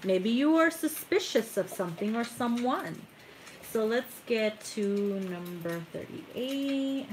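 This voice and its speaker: A woman's voice: a little high, lively intonation, slow pace. Chatty woman tarot reader, giggly, swears freely, slight background hiss. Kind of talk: casual live tarot reading. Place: home tarot room.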